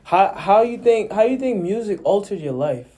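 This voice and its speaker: An interviewer asking questions in a relaxed, playful way during a casual interview. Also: medium pitch, moderate pace, husky.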